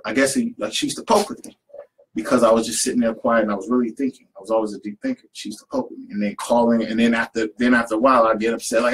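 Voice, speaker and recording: A man's voice: medium pitch, very fast, a little hiss or hum, low-quality recording. A young man, a poet who works with youth, telling stories in casual conversation and acting out the people he quotes. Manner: animated storyteller who acts out quotes. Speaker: poet and youth program leader.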